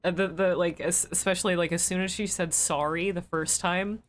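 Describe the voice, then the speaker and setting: A woman's voice: on the low side, steady tone, normal speed, a little hiss or hum. A woman streaming a game live, talking through her thoughts in a rambling, reflective way, full of fillers and restarts. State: emotional and weepy. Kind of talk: live-stream gameplay commentary.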